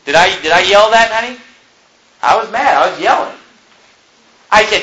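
A young man preaching a fiery sermon, joking one moment and shouting the next. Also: high voice, animated, normal speed, long pauses, low-quality recording. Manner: impassioned, swings between joking and shouting.

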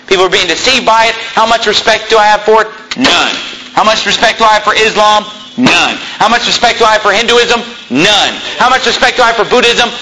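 A man's voice: sits high, a little fast, noisy background. A man preaching a fiery sermon in a church, combative and sarcastic, quizzing the congregation. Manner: combative, sarcastic, asks the congregation for shows of hands.

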